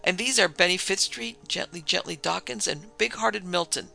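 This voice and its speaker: Man doing eager dead guy in love, blurting, gravelly voice. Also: high-pitched, moderate pace, pushed and bright, faint music behind, full character voice.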